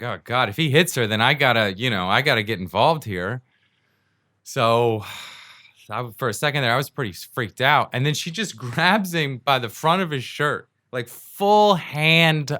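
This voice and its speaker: Animated storytelling man, bright voice. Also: medium pitch, dry recording, studio quality. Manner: animated, acts out the people in his story; laughs often while telling. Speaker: podcast host. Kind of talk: casual storytelling monologue.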